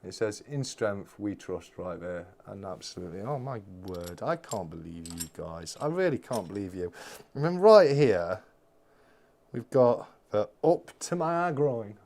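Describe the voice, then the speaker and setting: A man's voice: fairly low pitch, lively intonation, measured pace, a little mellow. A man hosting a live-stream unboxing, talking casually and gushing with exclamations. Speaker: channel host.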